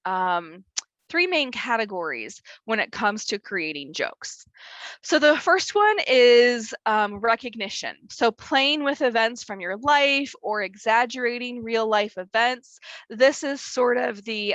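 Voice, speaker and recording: A young woman leads an online workshop over a video call. Her voice is bright and a little high, and the sound is dry and close. She talks in a chatty, filler-heavy way and laughs easily. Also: animated, slow, dry recording. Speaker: workshop presenter. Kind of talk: online wellness workshop talk.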